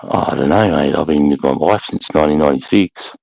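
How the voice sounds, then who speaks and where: A man's voice: extremely low pitch, fast talker, gravelly, a little mellow, muffled recording. A middle-aged Australian man, formerly an army sergeant, telling stories in a blunt, profane, swaggering way on a casual chat show.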